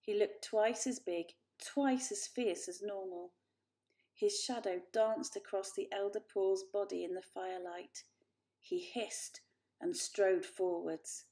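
A woman calmly reading a children's book aloud. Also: medium pitch. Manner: calm, measured narration. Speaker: storyteller.

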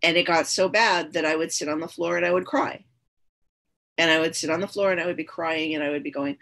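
A woman's voice: sits low, steady tone, a little fast, gravelly, a bit bright. A woman guest on a podcast, telling her own story candidly and earnestly, often repeating her phrases for emphasis. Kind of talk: personal storytelling in conversation.

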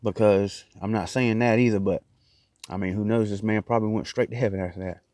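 A man's voice: fairly low pitch, steady tone, brisk, darkish tone, dry recording, clean studio sound. A man vlogging casually from inside a small closet, rambling in a loose, chatty way while he eats. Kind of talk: casual mukbang chat.

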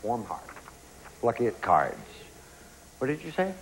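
A man's voice: mid-range voice, wildly swooping pitch, unhurried, slight background noise, low-quality recording. A man hosting a game show, bantering and punning with contestants in a television studio. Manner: joking, teasing contestants with puns. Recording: loud studio audience and ambience.

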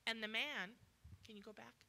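A woman giving a sermon as a guest preacher in a church, emphatic, often asking the congregation questions and acting out quoted lines with sudden loud commands. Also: fairly high pitch, normal speed, vocal fry, a little hiss or hum.

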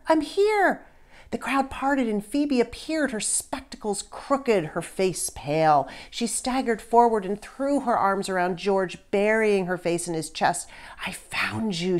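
A woman's voice: medium pitch, a little mellow. A middle-aged woman, a children's author, reading her book aloud to kids with a storyteller's manner and casual asides.

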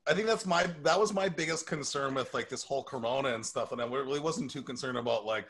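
A man hosting a casual podcast chat, telling lively stories and laughing often. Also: medium pitch, fast, slightly rough. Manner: animated storyteller, laughs often. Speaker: podcast host and personal trainer.

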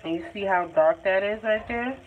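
A woman's voice: mid-range voice, normal speed. A woman giving a live painting lesson in a chatty, encouraging and informal way. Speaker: art tutor. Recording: tinny phone-like sound, faint noise.

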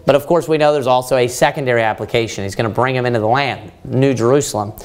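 A man's voice: mid-range voice, fast talker. A man leading a Bible study sermon, reading scripture aloud and asking his listeners questions. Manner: animated, quotes scripture, asks the room questions.

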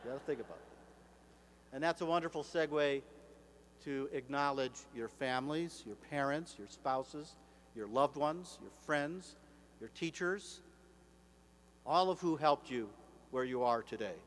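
A man in his sixties giving a formal commencement address as an author and speaker, measured and slowing down for emphasis. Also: a little high, a bit bright. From United States. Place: large hall. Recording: echoey hall, faint hum.

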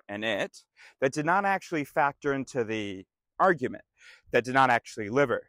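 A man walks through a list of terms, reading each definition and example in a dry, matter-of-fact voice. His pitch sits in the middle range. The recording is close and dry, with no room sound. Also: a bit bright, no echo, poor audio. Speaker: vocabulary explainer.

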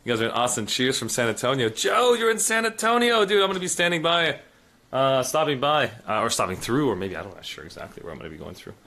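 A man's voice: medium pitch, sing-song, quick pace, creaky, bright, forceful tone. A man hosting a casual livestream from indoors in an apartment, chatting in a rambling way and thanking viewers. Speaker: streamer host.

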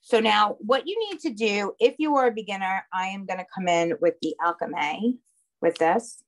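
A woman's voice: medium pitch, moderate pace. Woman, heavy Long Island accent, craft instructor, chatty live-class delivery. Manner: chatty, checks in with "okay?" and "all right".

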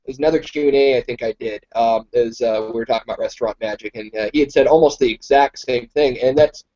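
A man hosting a live Q&A, talking in a halting way and searching for his words mid-sentence. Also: mid-range voice, warm tone, lo-fi sound. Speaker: host. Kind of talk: live Q&A chat.

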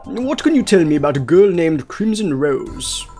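A man doing a posh older gentleman. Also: on the high side, big pitch swings, moderate pace, faint music behind. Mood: curious. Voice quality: posh, well-spoken. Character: well-spoken older balding gentleman, polite and measured. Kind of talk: reading game dialogue aloud.

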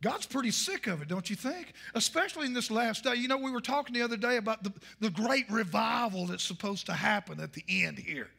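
A male pastor, preaching a fiery sermon and shouting his points. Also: high voice, animated, fairly quick, gravelly, hardly any pauses, slightly rough.

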